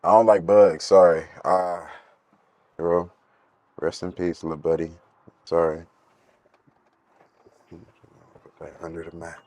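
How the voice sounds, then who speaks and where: A man's voice: low-pitched, level tone, slow, long pauses, darkish tone, dry recording. A young man and rapper vlogging from inside a car, talking in a laid-back, rambling, profane way and half-singing some phrases. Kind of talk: casual vlog monologue. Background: hip hop music.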